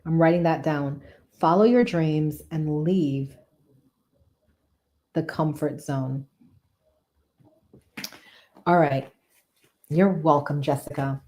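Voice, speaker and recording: A woman with a slightly low voice hosts a live tarot reading. She talks to her viewers in a chatty, enthusiastic way and repeats phrases for emphasis. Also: slow, pauses often, warm tone. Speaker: tarot reader and live-stream host.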